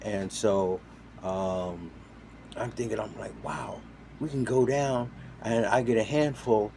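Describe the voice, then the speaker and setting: A man casually telling a story, animated, jumping between loud quoted voices and quiet asides. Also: lowish voice, takes it slowly, gravelly, a little hiss or hum. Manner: animated, acts out quoted voices with sudden loud and soft swings. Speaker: storyteller on a talk show.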